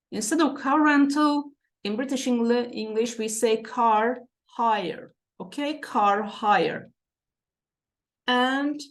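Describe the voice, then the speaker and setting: Turkish-speaking lady teaching english, slow and patient, voice sits a bit high, keeps saying okay? right?. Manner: patient, repeats key words, asks "okay?" and "right?" often. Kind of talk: classroom-style explanation.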